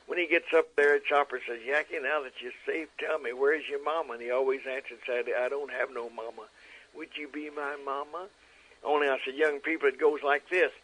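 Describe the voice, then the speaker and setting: A man in his nineties telling stories as an interview guest, animated and acting out quotes. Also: mid-range voice, fairly quick, rough recording. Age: 90s. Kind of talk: storytelling interview.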